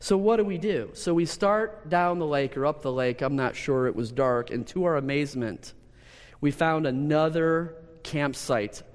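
A man preaching a sermon, telling a personal story with lively repetitions and restarts. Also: fairly high pitch, moderate pace. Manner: storytelling, animated, with repeated words and restarts. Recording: long hall reverb.

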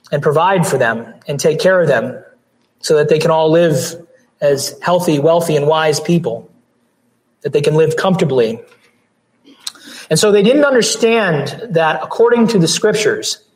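A pastor delivering a sermon, hoarse with his voice going out, earnest, with restarts and throat clearing. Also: fairly high pitch, low-quality recording.

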